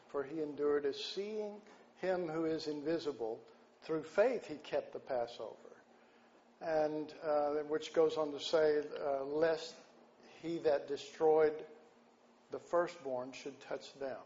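A man preaching a sermon, folksy and unhurried, often clearing his throat. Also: on the high side, warm tone. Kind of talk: sermon with an opening joke. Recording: dull lo-fi sound with faint background noise.

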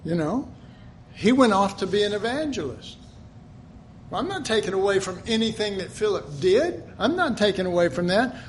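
A man's voice: high-pitched, big pitch swings, normal speed, a little hiss or hum. A middle-aged man preaching a sermon, earnest and emphatic, often repeating himself.

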